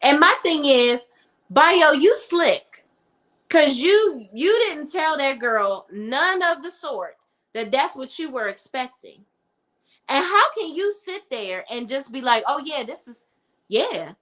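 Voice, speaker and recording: A young adult woman giving a casual, opinionated TV review in an animated, sassy manner, talking straight to her viewers. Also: high-pitched, measured pace. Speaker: TV show reviewer.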